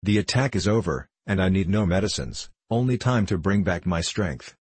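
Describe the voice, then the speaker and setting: Frail sick mother, low weak voice, husky and deep, read by a man. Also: expressive, moderate pace, darkish tone, dry recording, heavily acted. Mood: weak, anxious. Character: frail dying mother, soft and anxious.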